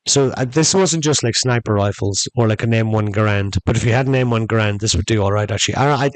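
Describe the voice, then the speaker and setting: A man's voice: fairly low pitch, fast, dry recording, poor audio. A man hosting a podcast, telling a long story in a rambling, chatty way and calling his listeners folks. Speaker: podcast host. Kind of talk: casual storytelling monologue.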